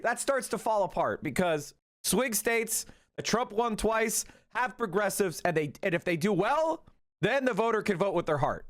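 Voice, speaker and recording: A man hosting a political livestream, talking in a casual, profane, animated way with rapid asides. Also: high voice.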